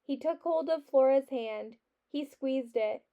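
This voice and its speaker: A woman teacher reads a children's novel aloud with expressive storybook delivery. Her voice is high and her pace unhurried. The recording sounds dull and lo-fi.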